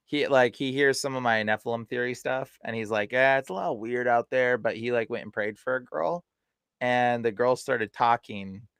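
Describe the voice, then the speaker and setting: Animated male guest telling stories. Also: medium pitch, normal speed, clear, resonant tone, dry recording. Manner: animated, retells stories with quoted voices and laughs. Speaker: podcast guest, deliverance minister. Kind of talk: casual storytelling.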